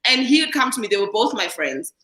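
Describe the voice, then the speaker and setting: A woman's voice: a little high, very animated, fast, pushed and bright. A woman co-hosting a podcast in casual chat, telling stories and acting out what her friends said. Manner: storytelling, acts out voices of friends. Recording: roomy echo.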